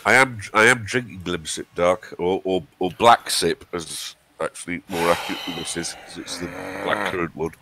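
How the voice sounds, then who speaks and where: A man's voice: deep voice, moderate pace, few pauses, bright, forceful tone. A man from the of England with a runny nose, chatting casually and teasing his co-host on a game stream. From Hartlepool, England. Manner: dry, teasing banter. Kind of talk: casual chat.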